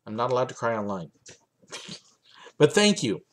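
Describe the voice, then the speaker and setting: A man's voice: mid-range voice, sing-song, moderate pace. A young man from the United States hosting a livestream Q&A from his home office, chatting casually with lots of ums and uhs. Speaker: livestream host answering viewer questions.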